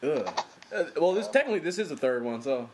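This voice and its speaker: A man's voice: a little high, big pitch swings, fast talker, background noise. Giggly, foul-mouthed man chatting about movies. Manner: laughs often, swears a lot, acts out scenes. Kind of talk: casual profane movie chat.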